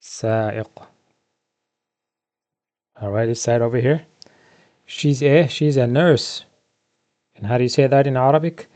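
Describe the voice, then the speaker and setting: A man's voice: mid-range voice, darkish tone. Man teaching vocabulary off slides. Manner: repeats each word slowly, asks and answers himself. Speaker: Arabic teacher. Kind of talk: classroom vocabulary lesson.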